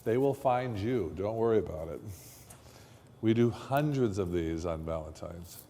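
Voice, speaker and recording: A man's voice: fairly low pitch, animated, measured pace, warm tone, slight background noise. Chatty man teaching in a reverberant hall. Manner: chatty, coaching, quizzes students. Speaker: floristry instructor. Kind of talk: hands-on demonstration lesson.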